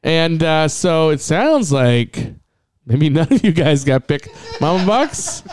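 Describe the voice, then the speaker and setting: A young man hosting a comedy dating show, loud and teasing. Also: fairly high pitch, sing-song, takes it slowly, slight background noise. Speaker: show host.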